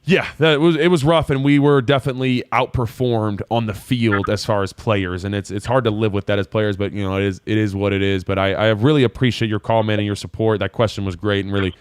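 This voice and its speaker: A man's voice: lowish voice, fairly quick, hardly any pauses, clear, resonant tone, dry recording, clean studio sound. Casual young man breaking down game film. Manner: casual, animated, voices players' thoughts. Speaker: host. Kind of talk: live call-in football film breakdown.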